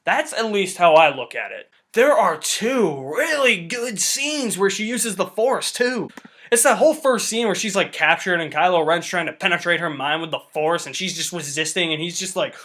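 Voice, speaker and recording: A young man giving a casual, excited film review, chatty and swearing loosely. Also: sits high, normal speed. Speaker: movie reviewer.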